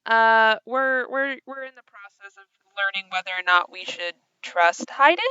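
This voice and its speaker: A woman player with a crisp, bright voice, recorded dry and close. She chats in an animated way about her character. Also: on the high side, moderate pace, no echo, lo-fi sound. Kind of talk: casual chat in a tabletop game.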